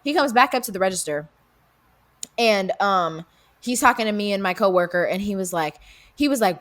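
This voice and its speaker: A woman's voice: mid-range voice, very animated, normal speed. A young woman co-hosting a podcast, retelling a story casually with lots of fillers, swearing, and acted-out quotes. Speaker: podcast co-host.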